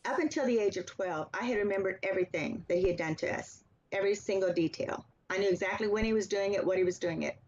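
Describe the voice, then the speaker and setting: An earnest woman speaks at a middle pitch, telling her story in a steady, deliberate way. The recording is a little dull and lo-fi, with the top end softened. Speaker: author and interview guest. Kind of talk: personal testimony in an interview. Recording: slightly dull, lo-fi sound.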